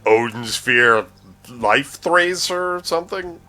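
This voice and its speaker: Lively joking man reading game news. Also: mid-range voice, takes it slowly, soft background music. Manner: jokey, laughs often, stumbles over names. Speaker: news host. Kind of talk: casual podcast chat reading news.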